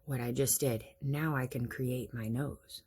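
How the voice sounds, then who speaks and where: A woman talks through her morning makeup routine in a casual, chatty way, explaining each step as she goes. Her voice is slightly husky. She often pokes fun at herself. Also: rumbling low, fairly even intonation, measured pace, a little mellow. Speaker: makeup vlogger.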